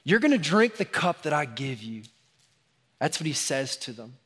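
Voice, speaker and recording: A man preaching a sermon to a room full of people. His voice sits a little high for a man, and he turns animated, playing out sarcastic asides before dropping low and intense. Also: normal speed, husky. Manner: animated, acts out sarcastic asides then drops to a hushed, intense tone. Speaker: pastor. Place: church sanctuary.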